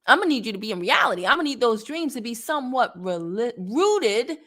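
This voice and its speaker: Here a female network marketing coach chats directly to camera, sassy, blunt and colloquial, and she gets worked up readily. She talks fairly quickly in a fairly high, sing-song voice, leaving few pauses.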